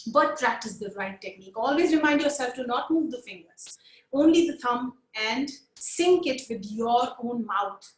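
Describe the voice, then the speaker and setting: Lively high-pitched woman coaching a puppet class over a video call, echoey room. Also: moderate pace. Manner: energetic, coaxing, counts along with viewers. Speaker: puppetry teacher. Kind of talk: live webinar instruction.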